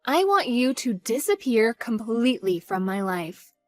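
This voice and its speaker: A woman acting out a cold, cutting wife who mocks her cheating husband in a voiced story drama. Her voice sits a little high, with faint music underneath. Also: big pitch swings, a little slow, darkish tone. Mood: scornful.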